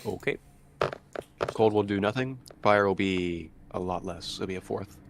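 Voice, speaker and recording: Man, very low voice, gravelly, terse player, noisy line with clicks. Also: normal speed. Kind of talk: casual game chat.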